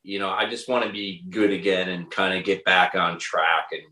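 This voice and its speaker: A man, a musician guest in a casual interview, talking in a halting way as he searches for words. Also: low voice, steady tone, sharp tone, roomy sound, rough recording.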